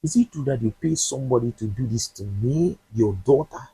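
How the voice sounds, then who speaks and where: A man's voice: medium pitch, expressive, fairly quick, mellow, slightly rough, dry recording, low-quality recording. A man voicing a hurt daughter confronting her father. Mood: reproachful. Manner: reproachful.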